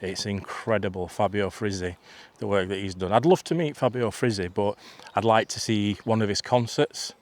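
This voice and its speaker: A man's voice: lowish voice, normal speed, few pauses. A man, telling a rambling, chatty story for his vlog outdoors. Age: 50s. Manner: rambling, chatty, full of restarts and asides. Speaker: vlogger. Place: outdoors in a field.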